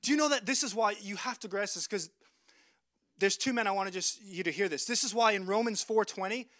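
A man preaching a sermon. He speaks earnestly and emphatically, repeats words as he restarts phrases, and drops soft and low for emphasis. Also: brisk, dry recording, clean studio sound.

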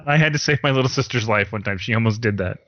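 A man's voice: medium pitch, fast talker, fairly bright tone, slight background noise. A man hosting a podcast, chatting casually and laughing easily, swinging his voice when he quotes people. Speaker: podcast host. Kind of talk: casual chat. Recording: dull dry sound.

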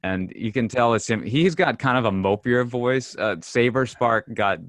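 A man co-hosting a casual podcast about movies, talking in a halting way with many fillers and restarts. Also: mid-range voice, a bit bright, no room sound. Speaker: podcast co-host. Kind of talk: casual film discussion.

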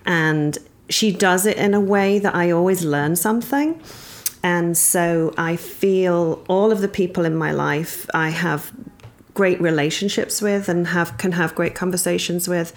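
A woman from England, a podcast guest, telling a personal story thoughtfully with many pauses and ums. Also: lowish voice, fairly even intonation.

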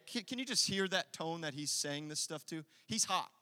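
A man preaching an impassioned sermon as pastor in a church, loud and rousing, leading his congregation in call-and-response. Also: on the high side, lively intonation, normal speed, few pauses, long reverb tail. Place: church sanctuary.

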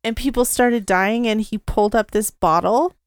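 A woman's voice: fairly high pitch, normal speed, clear, resonant tone, no echo, clean studio sound. Laughing woman co-hosting movie chat. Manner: laughs often, short agreeing replies. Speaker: podcast co-host. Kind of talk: casual movie review chat.

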